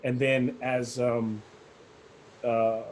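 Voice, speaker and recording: A man's voice: medium pitch, level tone, extremely slow, darkish tone, a little hiss or hum, poor audio. A man narrating a tabletop game as game master, with a rambling, hesitant delivery full of fillers.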